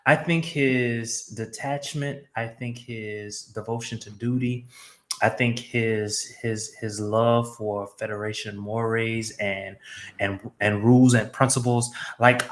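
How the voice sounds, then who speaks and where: A man's voice: mid-range voice, slow, fairly bright tone. A man with a mid-range voice chats on a podcast. He's enthusiastic, laughs a lot, and swears freely as he makes his points. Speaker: podcast co-host. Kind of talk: casual chat.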